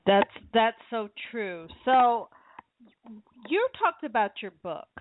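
A woman's voice: a little high, sing-song, takes it slowly, a little hiss or hum. A woman hosting a talk show, asking questions and chatting candidly with her guest. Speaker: show host. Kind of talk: radio interview talk. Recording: tinny phone-like radio sound.

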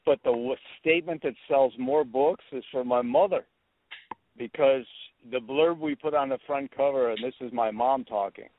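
A middle-aged man, an author being interviewed, telling stories in an animated, opinionated way. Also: mid-range voice, moderate pace, no echo. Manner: expansive storyteller, animated, opinionated. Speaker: author, guest. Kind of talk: radio interview talk. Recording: tinny phone-like radio sound.

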